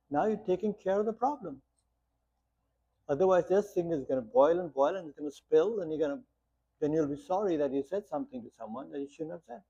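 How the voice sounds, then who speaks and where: A man's voice: fairly high pitch, fairly quick, mellow, husky. A man teaching a meditation class, talking plainly with lots of rhetorical questions and short stories. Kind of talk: guiding a meditation talk. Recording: muffled lo-fi sound.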